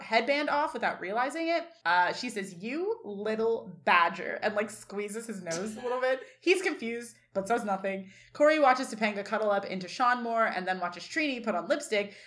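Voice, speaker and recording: A woman's voice: a little high, normal speed, hardly any pauses. A woman co-hosting a casual podcast, recapping an episode scene by scene and quoting the lines with lots of laughter. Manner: animated retelling, quotes scenes, laughs often. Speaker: podcast co-host.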